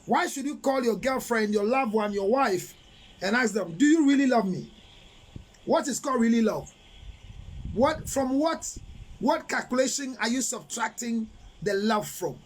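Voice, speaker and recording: A Ghanaian man counseling on relationships in a live talk, animated and preachy, switching between English and Twi and reading out viewer comments. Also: extremely high pitch, measured pace, rough recording. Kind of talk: live-streamed advice talk.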